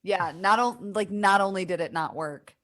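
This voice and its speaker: A woman co-hosting a podcast, giving blunt, lively opinions in casual chat. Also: mid-range voice, moderate pace. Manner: lively and blunt, mild swearing. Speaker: podcast co-host. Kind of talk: casual chat recapping an episode.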